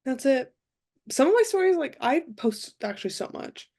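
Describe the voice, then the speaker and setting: A young woman co-hosting a podcast, talking in a rambling, deadpan way with lots of fillers. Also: high-pitched, moderate pace. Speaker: podcast co-host. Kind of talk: casual chat.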